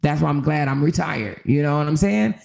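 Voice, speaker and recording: Older woman host, gravelly voice with fry, conversational and preachy, builds to exhortation. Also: deep voice, a little fast, darkish tone. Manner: preachy, emphatic, rising into exhortation; conversational, full of "you know". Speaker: channel host. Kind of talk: casual livestream chat.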